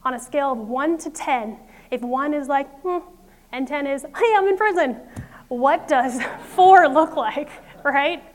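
High-voiced woman preaching a lively sermon. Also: measured pace. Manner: lively, conversational, acts out inner voices with laughs. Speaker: pastor.

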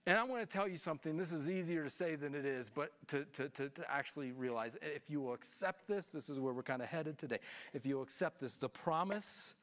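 A middle-aged man preaching a sermon as pastor, animated and swinging between hushed lines and shouts. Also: on the high side, a little fast.

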